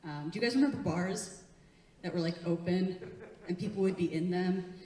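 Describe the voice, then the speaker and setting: A woman's voice: fairly low pitch, moderate pace, mellow. A young woman doing a live stand-up set, chatty, laughing often and working the crowd from a theatre stage. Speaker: stand-up comedian. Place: theatre stage before an audience. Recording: echoey room, heard from a distance.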